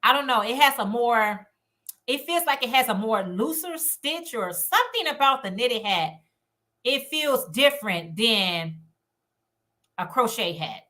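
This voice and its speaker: A woman's voice: on the high side, sharp tone. A woman hosting a casual live stream, chatty and encouraging as she reads out and answers comments from viewers. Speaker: livestream host.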